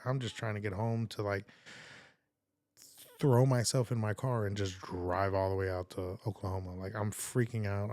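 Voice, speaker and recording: A man's voice: fairly low pitch, darkish tone, no echo. A man from Texas telling a personal testimony as a podcast guest. He rambles earnestly and fills the story with "like" and reenacted quotes. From San Antonio, Texas.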